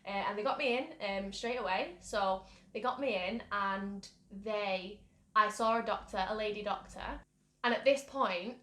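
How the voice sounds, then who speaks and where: Rambling with many fillers, a young British mental health vlogger candidly recounts something personal. Her mid-range voice has a fairly bright tone at a moderate pace, and the room sounds echoey.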